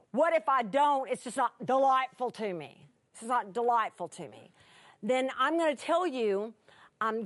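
A woman's voice: a little high, no room sound. A woman teaching from the Bible in an earnest, conversational way, often restarting her sentences. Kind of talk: sermon.

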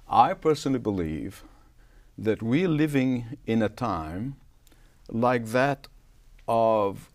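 An older man talks like a preacher in an interview. His delivery is emphatic, and he rises sharply on words he wants to stress. His voice sits at an ordinary male pitch. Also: a little mellow. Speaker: pastor guest.

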